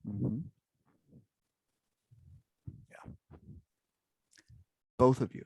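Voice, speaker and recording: Guy running a zoom workshop, middle pitch, keeps asking okay? right?, dry close sound. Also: a little slow, long pauses, a little mellow, no room sound. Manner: engaging, peppers talk with "okay?" and "right?". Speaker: workshop leader. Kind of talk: interactive online workshop.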